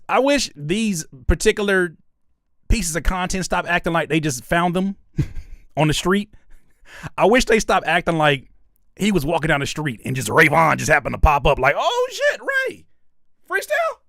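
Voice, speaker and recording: A man's voice: fairly high pitch, moderate pace, creaky, a bit bright, no echo, studio quality. A man, a rapper and YouTuber, casually reacting to videos while joking with his chat.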